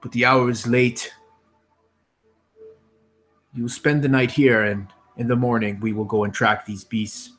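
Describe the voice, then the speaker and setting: A man's voice: medium pitch, steady tone, unhurried, pauses often, fairly bright tone. A man playing a formal older ranger.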